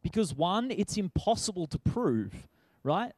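A man's voice: high-pitched, very animated, a little slow, dry recording. A man preaching a sermon in a conversational way, asking rhetorical questions.

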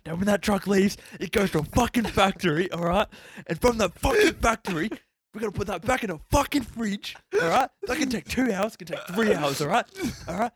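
A man's voice: on the high side, brisk, dry recording. A man putting on a furious, overworked male supermarket worker who rants and swears. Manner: shouting, swearing rant.

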